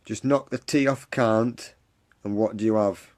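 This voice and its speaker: Earnest low-voiced man. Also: fairly even intonation, unhurried, darkish tone. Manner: earnest, repetitive pep talk, reads and answers comments. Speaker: live stream host for a support group. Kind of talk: encouraging livestream talk. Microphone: phone or webcam on a live stream.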